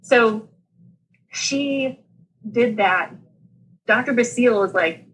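A woman in her thirties, a guest on a talk show, telling her story in a casual, animated way, laughing often and acting out what people said. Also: a little high, unhurried, pauses often, husky, poor audio. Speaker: podcast guest sharing her birth story.

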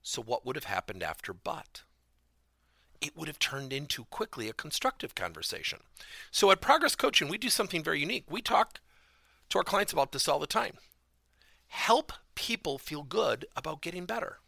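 A man's voice: fairly high pitch, very animated, fairly quick, creaky, bright, forceful tone, no room sound, clean studio sound. A man giving a motivational business talk as a corporate coaching trainer, stressing key words emphatically and theatrically.

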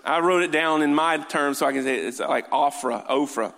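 A man's voice: a little high, fairly quick, gravelly, fairly bright tone. A man preaching a sermon in a church, making joking asides and then building to fervent exhortation. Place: church hall. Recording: long hall reverb.

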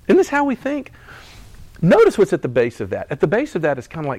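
A man's voice: on the high side, sing-song, very fast, dry recording. A man preaching a sermon in a conversational style, acting out quoted voices and laughing as he goes. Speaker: pastor.

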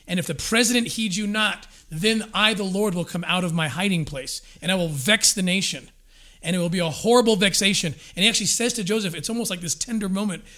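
A man explaining history in a lively conversational way, acting out quotes with frequent restarts. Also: sits high, quick pace. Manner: energetic storyteller, acts out quotes with restarts. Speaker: guest discussing scripture and history.

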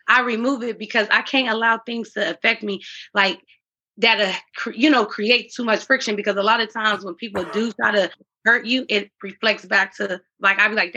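A woman with a bright, slightly high voice tinged with husky breathiness talks as a guest in a candid conversational interview. Earnest and faith-driven, she restarts her sentences as she goes. The audio sounds dull and lo-fi.

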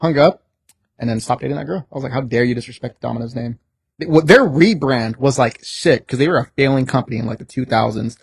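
A man's voice: mid-range voice, fast talker, gravelly, slightly rough, dry recording. A young man from the States spins loose, swear-laced stories in a casual podcast chat. His voice sits in a middling register. The sound is dry and close. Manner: animated storyteller, swears freely, lots of "like". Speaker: podcast guest.

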